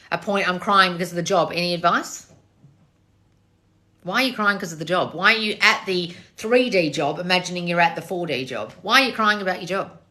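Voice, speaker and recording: A woman's voice: lowish voice, bright, forceful tone. A woman coaching viewers on a live stream, reading their comments aloud and answering bluntly with pointed rhetorical questions, swearing casually.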